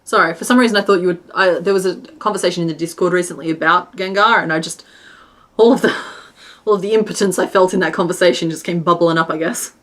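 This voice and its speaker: A woman with a slightly low voice chats loosely while she crochets on a live stream. She rambles, restarts her sentences and drops to a mutter when she counts stitches. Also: steady tone, quick pace. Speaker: crochet streamer and pattern designer.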